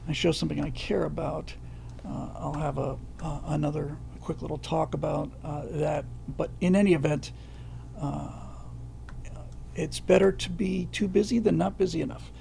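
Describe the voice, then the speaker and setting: Man, middle-aged, livestream host, halting delivery full of ums, gravelly fry in the voice. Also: fairly high pitch, fairly even intonation, dark tone, a little hiss or hum. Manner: halting, many fillers and restarts, reads viewer comments aloud. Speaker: livestream host answering viewer questions. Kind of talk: casual livestream chat.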